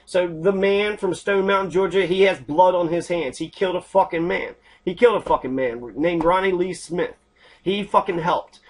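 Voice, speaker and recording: A man's voice: high-pitched, normal speed. A man hosting an online show, delivering an angry, profane political rant full of swearing. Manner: angry, heavy swearing, ranting. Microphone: computer mic while scrolling screen.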